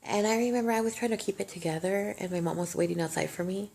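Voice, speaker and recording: A woman's voice: mid-range voice, fast talker, creaky, warm tone. A young woman vlogging a personal story, emotional and rambling, swearing freely. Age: young adult. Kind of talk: casual storytime monologue.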